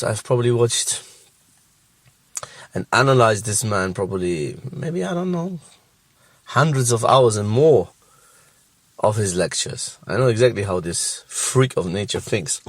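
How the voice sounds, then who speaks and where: A man's voice: lowish voice, no echo. A man hosting a religious reaction show, giving scornful commentary and laughing mockingly between remarks.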